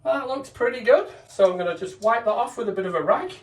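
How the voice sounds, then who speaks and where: A man's voice: very high voice, lively intonation, fast talker, noisy background. A man talks through a boiler strip-down step by step, casual and practical, the way a trainer explains a job while doing it. His voice rings a little in a roomy space. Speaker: gas engineer trainer. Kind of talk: hands-on demonstration narration. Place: indoors beside a boiler.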